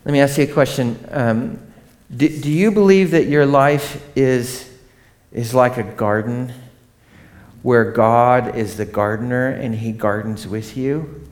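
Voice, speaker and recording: A man in his thirties preaching a sermon, conversational and animated, often turning to ask the congregation questions. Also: medium pitch, unhurried. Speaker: pastor.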